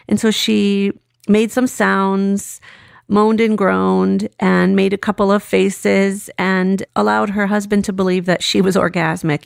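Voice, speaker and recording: A woman sex therapist giving a calm, measured lecture built around a client story. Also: medium pitch, creaky, no echo, studio quality. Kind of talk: scripted lecture with case story.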